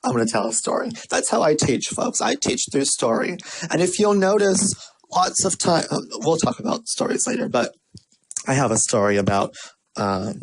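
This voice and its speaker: A man with a fairly high voice delivers a motivational marketing talk. He tells stories, repeats his points for emphasis and throws in playful asides. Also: breathy edge, poor audio. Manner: lively, repetitive, storytelling delivery with playful asides. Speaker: marketing speaker.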